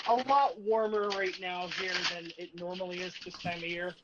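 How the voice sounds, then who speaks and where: A man's voice: high voice, fairly even intonation, normal speed, muffled recording, heavy background noise. A man joining a casual podcast remotely, chatting easily about the weather. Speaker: podcast co-host.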